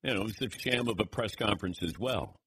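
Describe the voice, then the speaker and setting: A man hosting a sports talk radio show, taking callers and reacting with lively opinions. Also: quick pace, breathy edge. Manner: animated, swings pitch widely.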